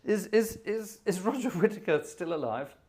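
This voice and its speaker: A man's voice: high-pitched, lively intonation, moderate pace, darkish tone. A man hosting a live organ concert stream, chatting casually, thinking aloud and thanking viewers by name. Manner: rambling, chatty, thinks aloud while searching.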